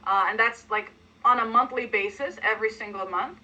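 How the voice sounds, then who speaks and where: Energetic woman coaching a sales team. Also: a little fast, dull audio. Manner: energetic, emphatic, role-plays pitches. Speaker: sales trainer.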